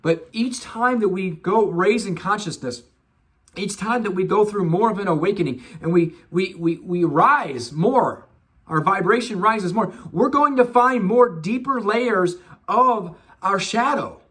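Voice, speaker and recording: Middle-aged guy, kinda high voice, rambling spiritual self-help talk with cursing. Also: lively intonation, measured pace, a bit bright. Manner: swears freely, mocks with put-on voices.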